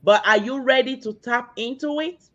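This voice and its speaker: Woman giving a slow pep talk, high voice, sounds kinda dull and lo-fi. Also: a bit bright. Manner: slow, encouraging, repeats key words. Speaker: guest speaker. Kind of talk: motivational talk.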